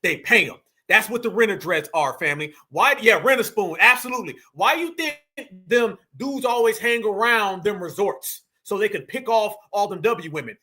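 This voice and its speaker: American male commentary host with a very high, piercingly bright voice; emphatic, repeats himself, calls his viewers fam. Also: lively intonation, moderate pace, few pauses, husky. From United States. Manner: emphatic, repeats phrases, addresses the audience as fam. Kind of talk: casual reaction commentary.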